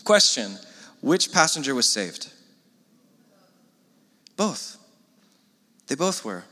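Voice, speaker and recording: A man's voice: mid-range voice, very animated, takes it slowly, pushed and bright. A man preaching a sermon to a congregation, talking to them in a casual way with frequent asides. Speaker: pastor. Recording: long hall reverb.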